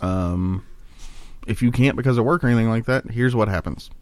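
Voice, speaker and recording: A man's voice: mid-range voice, brisk, darkish tone, dry recording. Podcast co-host, male, dry close sound; jokey, contrary. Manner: joking, argumentative, plays devil's advocate. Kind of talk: casual banter.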